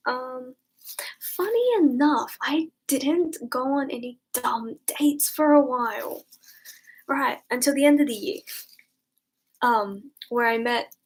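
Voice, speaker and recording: A young woman streaming from home, telling a casual story with lively, swear-laced slang and acted-out quotes. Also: fairly high pitch, rough recording. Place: home room at night.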